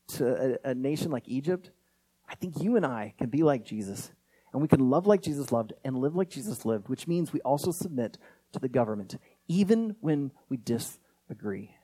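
A man preaching a sermon, telling a Bible story earnestly and closing in prayer. He rises to emphatic points and drops to quiet lines. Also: medium pitch, slightly rough, dry recording. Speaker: pastor.

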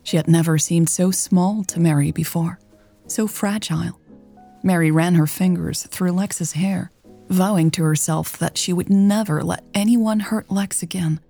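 Calm, mellow woman narrating a romance. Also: fairly low pitch, measured pace, gravelly, soft background music. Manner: calm, gentle, intimate reading. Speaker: storyteller.

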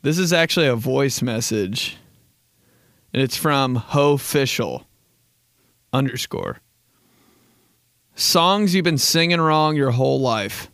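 A man's voice: medium pitch, lively intonation, slow, long pauses, fairly bright tone, clean tone, no echo. Rambling, laughing young man, dry close mic. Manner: rambling, laughs often, swears, bursts into silly put-on voices. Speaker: podcast host. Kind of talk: casual comedic podcast chat.

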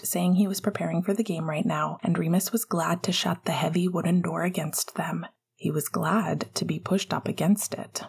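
A woman reads a story aloud in a soft, intimate manner, often slipping into a whisper. Her voice is fairly low with a gravelly, husky texture. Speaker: audiobook narrator. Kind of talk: fan fiction audiobook narration, partly whispered.

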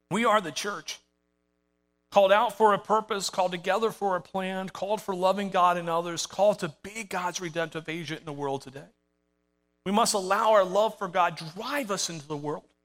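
A man's voice: high-pitched, fairly bright tone. A middle-aged man preaching a sermon with passion, building to emphatic calls to his congregation. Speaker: pastor. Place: church sanctuary with live congregation.

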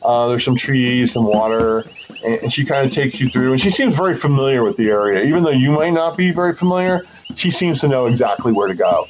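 A man's voice: mid-range voice, animated, fairly quick, background noise. A man narrating as game master, hesitant and full of fillers. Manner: hesitant, full of likes and ums.

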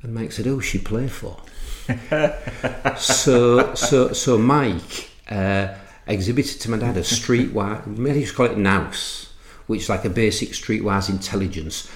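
A middle-aged man from England tells a long anecdote in a very low, deep voice. He restarts and fills as he goes, like a seasoned speaker recalling family lore, and the room around him rings with echo. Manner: anecdotal, halting with restarts and fillers. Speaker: entrepreneur and author. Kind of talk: storytelling in a podcast interview.

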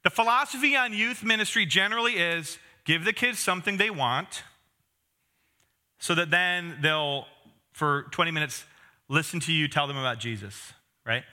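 A man's voice: a little high, normal speed, bright, forceful tone. A man in his thirties preaching a conversational sermon, with self-deprecating humor and asides to the congregation. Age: 30s. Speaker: pastor.

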